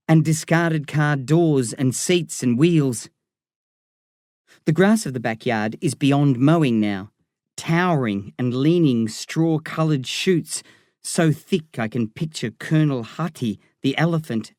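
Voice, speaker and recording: A man's voice: medium pitch, darkish tone, no echo. Man narrating an audiobook, dry close sound. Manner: first-person, measured storytelling.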